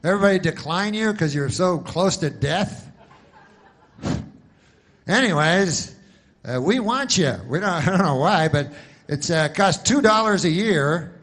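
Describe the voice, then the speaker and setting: Brief: man playing a brash, salesy insurance pitchman, raised and pushy. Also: lively intonation, a little slow, long pauses, full character voice. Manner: loud, eager, salesy.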